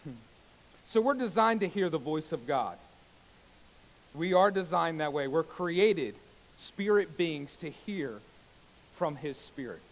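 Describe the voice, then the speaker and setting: A man preaching a sermon as a pastor, swinging between loud exclamations and hushed soft passages, with calls of amen and hallelujah. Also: on the high side, lively intonation, takes it slowly, pauses often, low-quality recording. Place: church sanctuary.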